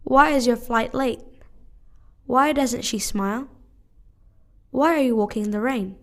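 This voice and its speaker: Female English teacher, fairly high voice, careful measured delivery of practice sentences. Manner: measured, careful reading of one question at a time. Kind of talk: reading drill sentences aloud.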